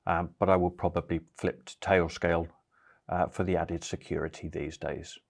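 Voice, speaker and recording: Low-voiced man explaining a tech setup. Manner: relaxed, explanatory, with some fillers. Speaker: tech tutorial host. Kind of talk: casual screen-recorded tutorial.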